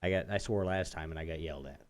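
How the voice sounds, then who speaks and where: A man co-hosting a podcast, ranting in casual chat and acting out phone calls with swearing, jumping from loud outbursts to low mutters. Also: quick pace. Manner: animated storytelling, swears, acts out phone calls. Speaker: podcast co-host.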